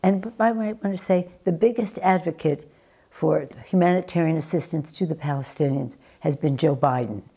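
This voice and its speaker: Low gravelly voice of an older woman. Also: warm tone. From United States. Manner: deliberate, emphatic, with frequent restarts and fillers. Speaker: interviewee, former politician. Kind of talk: news interview.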